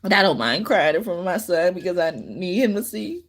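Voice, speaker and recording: Low-voiced woman rambling through a reading. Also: sing-song, brisk. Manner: loose, rambling speech with many restarts; laughs between sentences. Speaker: tarot card reader. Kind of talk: live-stream reading.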